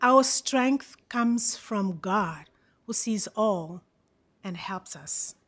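A woman's voice: medium pitch, expressive, drawn-out words, a bit bright. A woman from Congo telling her life story as a church testimony, earnest with touches of wry humour. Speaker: speaker giving a personal testimony.

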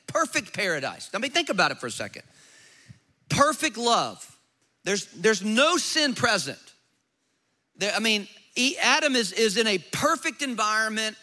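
A male pastor delivering a sermon in a high, bright voice. He mixes playful jokes with emphatic, challenging rhetorical questions to his listeners. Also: very animated, normal speed.

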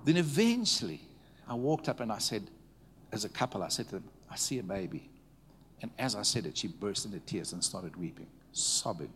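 A man preaching to a congregation, telling stories in a conversational way, checking in with the listeners and dropping to a hushed tone at tender moments. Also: lowish voice, sing-song, brisk, a little hiss or hum. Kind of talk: storytelling sermon. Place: church meeting before a live audience.

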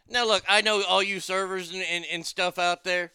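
A man's voice: high-pitched, steady tone, moderate pace, pushed and bright, clear, resonant tone, no room sound, studio quality. A man telling a story as a profane rant, stammering and repeating his words as he swears.

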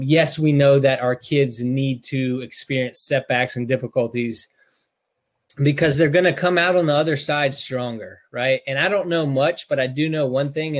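A middle-aged man from North Carolina, a parent and podcast co-host, talking in an emotional, rambling way with lots of restarts. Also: mid-range voice. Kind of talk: casual podcast chat.

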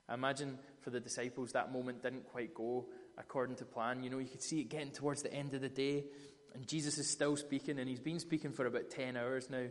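A man preaching a sermon, telling stories in an animated, conversational way. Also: medium pitch, fast, few pauses, in a large hall. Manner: storytelling, animated retellings of scripture.

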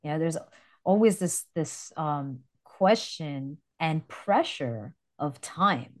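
A woman co-hosting a casual podcast as a dance instructor, chatty and quick to laugh. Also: deep voice, animated, a little mellow.

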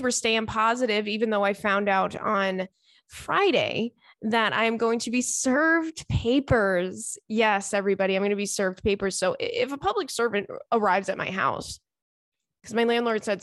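A woman's voice: medium pitch, animated, moderate pace, a bit bright, no room sound, studio quality. A woman hosting a casual solo podcast from home, telling candid, profane stories in a chatty way. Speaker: podcast host. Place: home, indoors.

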